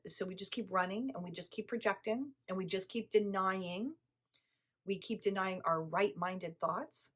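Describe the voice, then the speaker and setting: Middle-aged woman teaching casually, a bit husky, blunt and upfront, laughs a lot. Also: medium pitch, a bit bright. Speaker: spiritual teacher. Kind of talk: casual explanatory talk.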